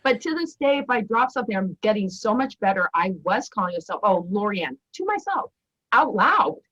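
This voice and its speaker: A woman's voice: mid-range voice, very animated, moderate pace, pushed and bright, no room sound, dull audio. A woman hosting a podcast in casual conversation, chatty and laughing at herself. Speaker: podcast host.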